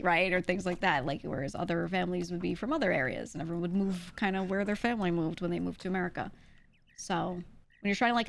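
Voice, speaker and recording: A woman's voice: on the low side, a little hiss or hum. A young woman, explaining in casual chat, emphatic and full of filler words. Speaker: streamer.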